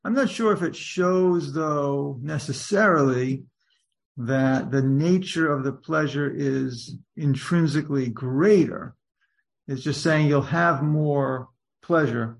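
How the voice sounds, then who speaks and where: A rabbi teaches a study group in a loose, conversational lecture. His slightly high voice has a gravelly edge, and he keeps restarting sentences and asking rhetorical questions as he works through the text. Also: slow pace. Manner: thinks aloud with many restarts and rhetorical questions.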